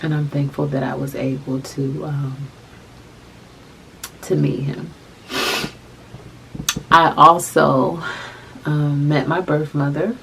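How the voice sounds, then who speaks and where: A young adult woman telling a personal story to camera, soft-spoken and halting, often repeating her phrases. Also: low-pitched, flat delivery, gravelly, slight background noise, rough recording. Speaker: vlogger.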